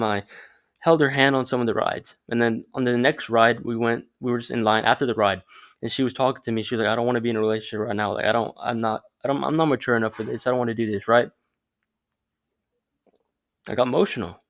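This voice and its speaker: A young man giving casual advice in a rambling monologue, swearing often and correcting himself mid-sentence. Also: medium pitch. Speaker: vlogger giving dating advice.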